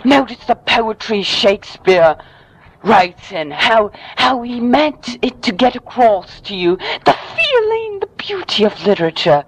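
Lady doing a prim fake-english teacher, high lively voice, chatter behind. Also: a little slow, low-quality recording. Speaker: amateur radio-play actor as a pompous literature teacher. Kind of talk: amateur homemade radio comedy.

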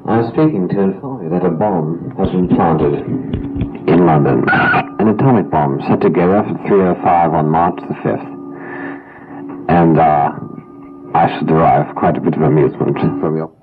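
A man playing a contemptuous male bomber who speaks slowly in an amateur radio play. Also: sits low, soft background music, close to an everyday voice. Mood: gloating. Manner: gloating, slow and contemptuous. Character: menacing male bomber on a taped message. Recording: dull lo-fi tape recording.

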